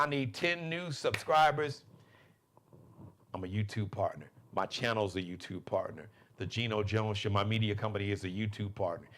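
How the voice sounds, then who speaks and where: A man hosting his own live talk show, delivering a loose, laughing monologue. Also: mid-range voice. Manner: animated, laughing, loose and conversational. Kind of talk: live monologue, casual commentary.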